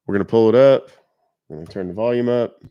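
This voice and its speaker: A man's voice: lowish voice, fast, clear, resonant tone, no room sound, lo-fi sound. A middle-aged man hosting a casual live stream, loose and joking, swearing freely, coughing and sniffling now and then. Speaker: livestream host baiting scammers.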